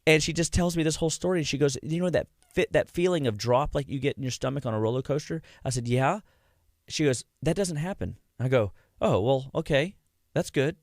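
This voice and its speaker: A man with a voice on the high side speaks briskly as a radio guest, animatedly acting out quotes while telling stories of his patients and chatting casually about heart health. The sound is dry and clean, like a studio.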